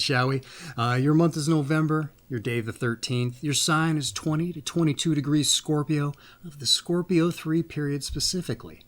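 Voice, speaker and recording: Man, host, casual rambling monologue, folksy, playful asides, average pitch, reading aloud. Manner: rambling, folksy, often says "that's right". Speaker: host of a birthday reading channel.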